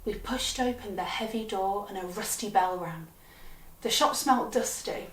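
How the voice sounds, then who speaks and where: A woman storyteller telling comic tales from her childhood with a wry, deadpan delivery. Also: mid-range voice, a little slow. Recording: roomy sound from a distant mic.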